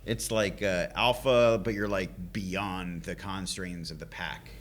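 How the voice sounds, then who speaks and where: A man in his forties in casual live podcast chat, an animated storyteller who laughs often. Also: low-pitched, takes it slowly. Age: 40s.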